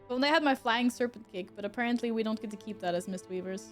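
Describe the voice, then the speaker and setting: This gamer, who grew up speaking Swedish, talks very fast in a voice on the high side, chatting with viewers over music as she plays. Between remarks she hums to herself.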